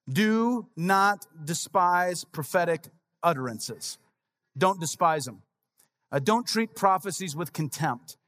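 A man in his forties delivers a sermon as pastor, his voice sitting a little high for a man. He preaches conversationally, weaving personal stories with quick asides to the congregation. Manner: conversational storytelling, frequent "right?" asides.

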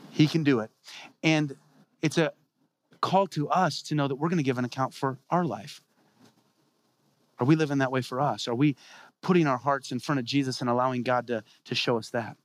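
A man's voice: a little high, no room sound. Man preaching with rhetorical questions. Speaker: pastor. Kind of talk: sermon.

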